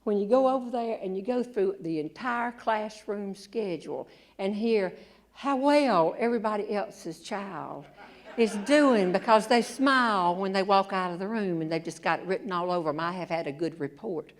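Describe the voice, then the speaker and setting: An older woman on stage as a humorist, telling a family story as stand-up. Her delivery is animated and wry, and she exaggerates the voices in her quotes for laughs. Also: medium pitch, moderate pace. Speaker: humorist and speaker.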